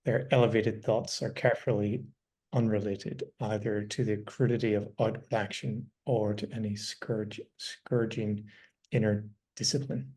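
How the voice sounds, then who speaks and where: Male podcast host, lowish voice, hesitant and reflective, casual discussion. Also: fairly even intonation, a little slow, darkish tone. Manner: thoughtful, hesitant with many fillers and restarts.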